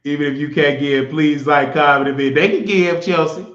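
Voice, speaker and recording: A man hosts a live stream at a moderate pace, his voice a little high with a fairly bright tone. Casual and blunt, he tells stories and pokes fun at viewers. The recording has an echoey, slightly dull quality.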